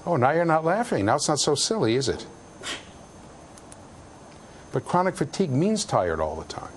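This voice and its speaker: A middle-aged man lectures a university class, joking with students and shouting to stress his points in an animated way. His voice is a little high at a moderate pace, with a bit of hiss or hum in the background.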